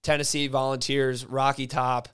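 A man's voice: mid-range voice, level tone, moderate pace, a bit bright, smooth. A man in a casual sports chat, loose and swearing, leaning on filler words. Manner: loose, swears freely, leans on "like".

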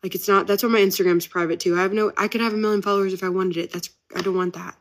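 A woman's voice: mid-range voice, fairly even intonation, racing. A woman, chatting casually as host of her own podcast, upbeat and very talkative. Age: 30s. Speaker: podcast host and business owner. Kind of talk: casual chat.

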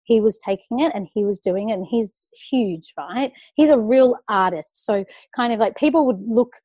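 A woman's voice: a little high, normal speed, dark tone, no echo. A woman, a makeup artist chatting animatedly as a guest, full of fillers and stories. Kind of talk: casual chat.

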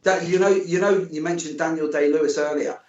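A man's voice: a little high, fairly even intonation, a little fast, a little mellow. A man hosting a podcast interview, chatty and jokey, often repeating his words. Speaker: podcast host. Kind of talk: casual interview. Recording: distant, echoey, muffled room sound.

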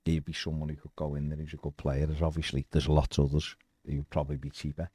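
A man's voice: a bass voice, completely flat delivery, fast talker, dark tone, breathy edge, dry recording. A man co-hosting a casual football podcast, chatting loosely and reading out viewer comments. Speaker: podcast co-host.

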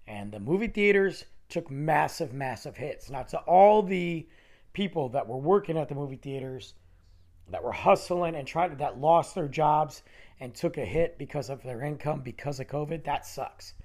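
Man, podcast host, nasal, losing his voice, lively pitch, rambling, close mic. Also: moderate pace. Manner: rambling, animated, restarting sentences. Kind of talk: solo podcast monologue. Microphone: close studio microphone.

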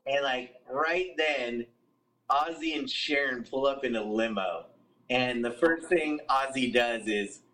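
A man telling a story as a podcast guest, animated and profane, acting out what other people said. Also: mid-range voice, slow pace, distant mic, poor audio. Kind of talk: casual storytelling.

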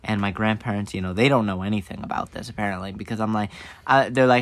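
A man's voice: fast talker, no room sound. A man co-hosting a podcast, telling a childhood story in casual chat and acting out the other people in it. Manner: animated, acts out quoted voices with big pitch jumps. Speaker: podcast co-host.

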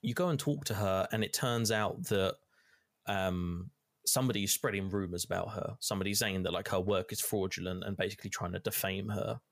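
A man's voice: low-pitched, a little fast, no echo. A young man casually recapping a video game, rambling with lots of fillers and casual swearing. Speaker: gamer recapping play. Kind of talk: casual chat.

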